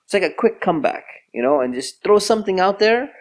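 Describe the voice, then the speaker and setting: A middle-aged man giving a religious lecture, telling a story and acting out the quoted voices with lively shifts. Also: high-pitched, brisk. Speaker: Islamic lecturer.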